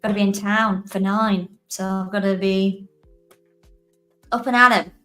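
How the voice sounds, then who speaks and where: A woman's voice: mid-range voice, fairly even intonation, measured pace, pushed and bright, soft background music. A woman co-hosting a livestream, chatting casually in a bubbly, giggly way. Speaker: co-host.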